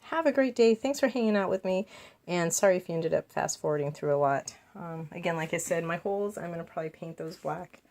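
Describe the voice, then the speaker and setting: A woman's voice: fairly low pitch, a little fast, darkish tone. A woman vlogging as she paints, thinking aloud about her choices and tossing in playful asides. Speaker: craft vlogger. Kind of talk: casual talk while painting.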